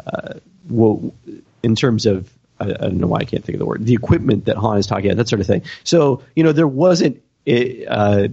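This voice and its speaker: A man with a deep, dark, rough-edged voice talks through his ideas on a podcast. He hedges and circles back, filling pauses with fillers as he searches for words. The audio is a little dull and muffled. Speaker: podcast panelist answering listener questions. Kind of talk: casual podcast discussion.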